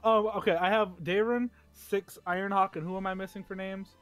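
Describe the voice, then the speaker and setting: A man playing in a tabletop game, describing his character's actions in a hesitant, halting way. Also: high voice, steady tone, over loud music. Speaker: player. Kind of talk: tabletop role-play.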